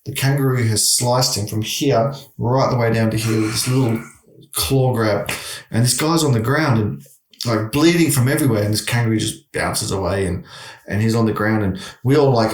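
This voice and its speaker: A man's voice: mid-range voice, normal speed, distant mic, a little hiss or hum. A middle-aged man, telling a long story in casual chat, with many restarts. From Australia. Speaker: guest. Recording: echoey room.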